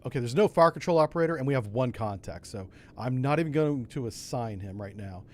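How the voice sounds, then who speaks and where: Guy streaming a sub game, folksy and chatty, mid pitch, thinking out loud. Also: lively intonation, a little fast. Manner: folksy, talks himself through each step with asides. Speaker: streamer playing a submarine game. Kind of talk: casual gameplay commentary.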